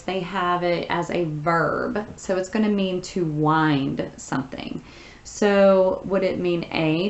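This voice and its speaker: Low-voiced woman teacher in a roomy space. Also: highs cut off. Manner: patient, step-by-step explaining with frequent fillers. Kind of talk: reading a story aloud, then explaining answers.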